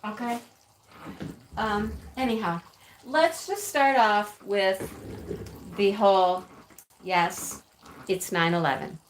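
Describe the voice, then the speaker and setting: A woman's voice: medium pitch, slow, long pauses, recorded from a distance. Woman host, chatty livestream greeter, sits back from the mic in an echoey room with faint hiss. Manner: chatty, laughs often, calls out names. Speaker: live stream craft host. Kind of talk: casual live chat greeting viewers.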